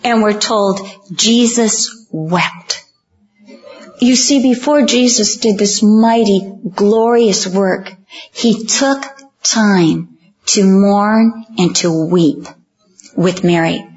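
A woman preaching a sermon, earnest and emphatic, slowing down on key lines and acting out the voices she quotes. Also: mid-range voice, a little mellow, dull audio.

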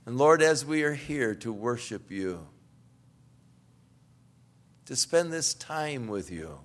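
A man preaching and leading a closing prayer in a church, his voice soft and measured in prayer and livelier when he exhorts. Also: medium pitch, lively intonation. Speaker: pastor.

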